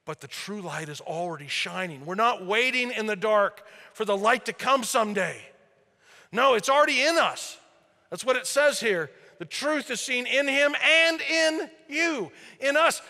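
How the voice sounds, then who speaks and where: A man preaching a sermon as pastor, animated, swinging between loud emphasis and quiet asides. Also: sits high, in a large hall. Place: church sanctuary.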